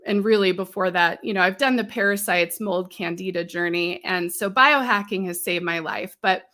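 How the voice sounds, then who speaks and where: A woman hosting a live-stream chat, warm and enthusiastic, affirming her guest and greeting viewers. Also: fairly low pitch, normal speed. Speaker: live show host.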